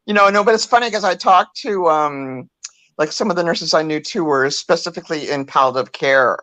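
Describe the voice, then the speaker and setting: A woman's voice: sits low, fairly quick, no echo. An older woman co-hosting a casual talk show, telling stories and laughing often. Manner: animated storyteller, laughs often. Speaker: co-host. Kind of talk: casual chat.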